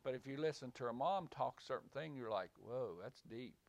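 A man's voice: medium pitch, quick pace, dry recording. A man preaching to a small group in a room, rambling and repeating words, then rising to emphatic points. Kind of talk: small-group Bible teaching. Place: small room with a few listeners.

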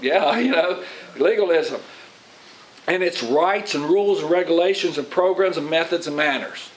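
Middle-aged man as pastor, folksy rambling sermon, slightly high voice, light tape hiss. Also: normal speed, low-quality recording. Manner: folksy, rambling, asks the congregation questions. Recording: faint hiss.

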